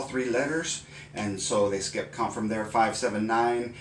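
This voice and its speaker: A middle-aged man walks teachers through a math routine, calling out each term and hammering it home with a loud karate grunt. He sounds like he is standing back from the mic in a roomy space, with a faint hiss underneath. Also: on the low side, moderate pace, distant mic. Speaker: math and writing consultant.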